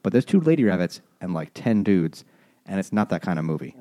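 A man's voice: low-pitched, very animated, a little fast, warm tone. A man hosting a podcast, retelling a story in a crude, jokey casual chat. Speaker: podcast host.

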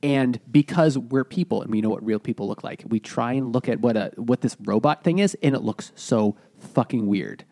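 A man's voice: mid-range voice, normal speed, hardly any pauses, darkish tone. A man co-hosting a casual podcast chat over beers, explaining ideas at length and swearing casually. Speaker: podcast co-host.

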